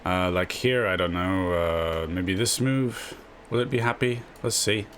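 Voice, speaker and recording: A man's voice: low voice, a little slow, a little hiss or hum. A man hosting a casual chess video, rambling through his tips at his desk and tagging his lines with a questioning "yeah?". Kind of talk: casual screen-share explainer.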